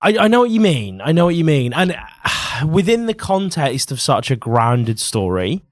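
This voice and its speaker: A man's voice: on the high side, sing-song, normal speed, dry recording, clean studio sound. A man co-hosting a comics podcast, talking in a thoughtful, joking, casual way. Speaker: podcast co-host. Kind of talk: casual chat.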